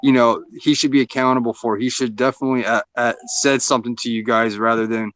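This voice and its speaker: A man's voice: mid-range voice, level tone, fast talker, a bit bright. A plain-spoken man giving his opinion in a casual group voice chat.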